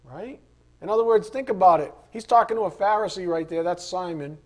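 High-voiced man teaching scripture. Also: brisk. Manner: earnest, reads passages aloud with casual asides. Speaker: Bible study teacher. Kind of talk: conversational Bible teaching.

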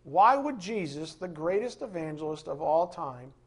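A man's voice: fairly high pitch, lively intonation, normal speed. A man preaching a sermon in an emphatic style, firing off rhetorical questions.

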